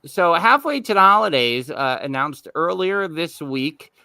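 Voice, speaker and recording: A man's voice: a little high, animated, unhurried, bright, forceful tone, no room sound. A man co-hosting a podcast in casual chat, rambling with lots of fillers. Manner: rambling, restarts with many fillers. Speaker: podcast co-host.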